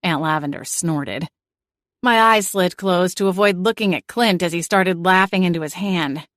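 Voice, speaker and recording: A woman's voice: fairly low pitch, moderate pace, fairly bright tone, no echo, studio quality. A woman narrating a cozy mystery audiobook in first person with wry storytelling.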